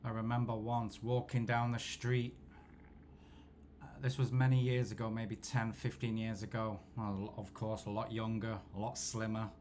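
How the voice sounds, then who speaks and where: A man's voice: level tone, moderate pace, a little mellow, slight background noise. Laid-back man rambling. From England. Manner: rambling, self-deprecating, low-key. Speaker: football watchalong host. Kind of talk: casual storytelling chat.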